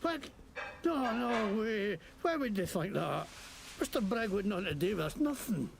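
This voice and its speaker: A man's voice: sits high, moderate pace, soft background music. An actor playing a crude, foul-mouthed male wasteland crook with a put-on Scottish accent in a video game. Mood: blustering. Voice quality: gravelly, lively swings. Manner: brash, cursing, blustering.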